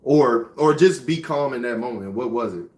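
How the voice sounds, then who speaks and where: A man asking his wife questions in a slow, halting way, repeating words as he goes. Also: medium pitch, lively intonation, a little mellow, reverberant. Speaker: co-host, husband.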